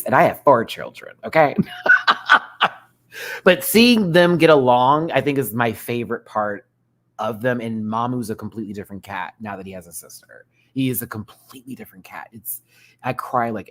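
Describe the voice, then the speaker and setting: A man hosting a live review stream, chatting casually with viewers in an animated, expressive way, laughing often. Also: on the low side, slight background noise.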